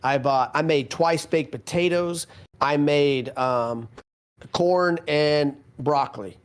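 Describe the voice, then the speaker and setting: A man's voice: on the high side, slow pace, clear, resonant tone. A middle-aged man co-hosting a casual podcast, rambling through stories with self-mocking asides. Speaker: podcast co-host.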